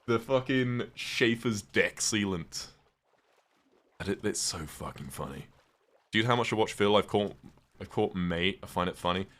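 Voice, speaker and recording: A man's voice: sits low, brisk, a bit bright. A man from the UK, streaming a game and chatting casually with viewers, swearing now and then as he answers their questions. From United Kingdom. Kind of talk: casual live-stream chat while gaming.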